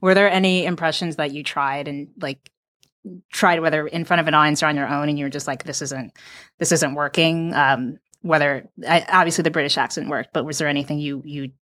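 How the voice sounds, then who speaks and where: Female interviewer, very low voice, curious and rambling. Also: fairly even intonation, a little fast, fairly bright tone. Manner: curious, hesitant, restarts questions. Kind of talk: casual interview questions.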